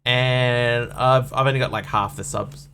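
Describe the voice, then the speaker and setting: A man talks his way through a game on a live stream, wandering off topic and poking fun at himself. His voice sits at a middle pitch, neither high nor low. A faint hum runs beneath the recording. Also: fairly even intonation, unhurried, bright, forceful tone. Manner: chatty, rambling, self-mocking. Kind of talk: casual live-stream chat while gaming.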